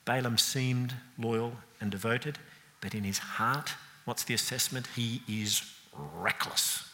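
A man preaching a sermon, telling the story with lively animation, acting out scenes and mocking the characters. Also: mid-range voice, slow. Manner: animated storytelling, acting out scenes with sound effects and mock voices. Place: church. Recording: long reverb of a church hall.

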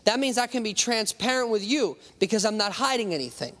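A man's voice: high voice, animated, brisk, hardly any pauses, pushed and bright. A male pastor preaching a conversational sermon, acting out little voices and talking straight to the congregation. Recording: long hall reverb.

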